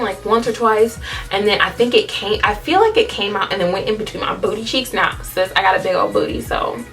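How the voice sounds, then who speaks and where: A woman's voice: a little high, fairly bright tone, distant mic. A young woman telling a candid storytime on her vlog, chatty and dramatic, full of slang and laughing often. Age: young adult. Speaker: vlogger.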